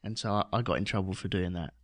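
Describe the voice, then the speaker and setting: A man, chatting casually as a podcast co-host in a wry, relaxed way, often trailing off and restarting. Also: low voice, quick pace, dry recording, clean studio sound. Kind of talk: casual chat.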